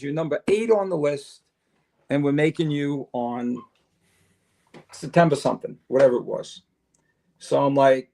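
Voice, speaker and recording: An older man, a retired fire chief appearing as a podcast guest, speaks at normal speed in a fairly high, creaky voice. In this casual storytelling interview he spins long, animated tales and acts out the dialogue.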